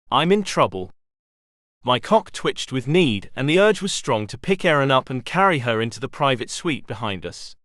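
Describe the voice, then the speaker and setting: Man reading romance with lively pitch. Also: dry recording, clean studio sound. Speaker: audiobook narrator. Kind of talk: scripted first-person romance narration.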